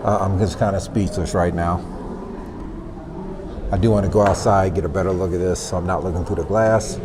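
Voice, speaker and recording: A man with a deep, low voice chats breathlessly to his handheld camera while climbing a narrow tower. His running commentary is casual and loose. Clear background noise from the surroundings sits under his voice. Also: fairly even intonation, brisk. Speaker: travel vlogger. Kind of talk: casual travel vlog narration. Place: inside a stone tower and outdoors at a canyon rim.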